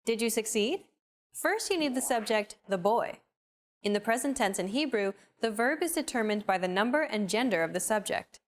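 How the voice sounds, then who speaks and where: A woman narrating a scripted language lesson in a clear, upbeat, explaining manner. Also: fairly high pitch, lively intonation, normal speed.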